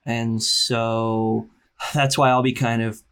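Hushed, deadpan man doing a podcast intro. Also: medium pitch, slow, smooth. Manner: quiet, deadpan, self-mocking bragging. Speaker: podcast co-host.

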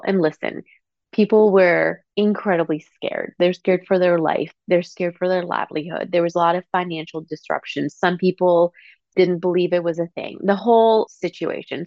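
A young woman from Canada with a lowish voice tells a personal story on her podcast, raw and emotional, peppered with swearing and filler "likes". The recording is close and dry, with a slightly muffled, dull tone. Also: no echo. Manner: emotional, swears freely, says "like" a lot. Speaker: podcast host.

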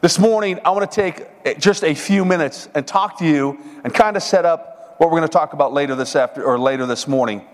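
A middle-aged man gives a folksy, joking talk in the style of a sermon at a men's seminar. His voice is a little high and a little fast, and a long hall reverb hangs over the recording.

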